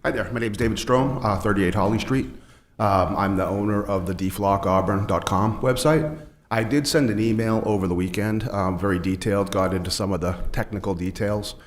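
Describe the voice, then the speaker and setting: A man's voice: fairly low pitch, fairly quick, slight background noise. A man giving a brief, polite public comment, hesitant with fillers.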